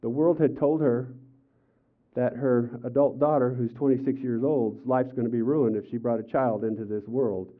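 Older male pastor, lively storytelling sermon. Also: medium pitch, normal speed. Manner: animated storytelling, acts out quotes with raised voice. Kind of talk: sermon with personal stories. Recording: tinny phone-like sound.

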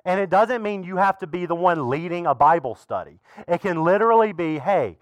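A man preaching a sermon as pastor in a relaxed, conversational way, with frequent asides to the congregation. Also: high voice, brisk, no room sound. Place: church.

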